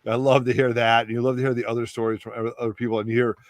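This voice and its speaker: A man's voice: medium pitch, level tone, very fast, no echo. A man co-hosting a casual chat, chiming in with eager agreement and short anecdotes. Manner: enthusiastic, agreeable interjector. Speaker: podcast co-host.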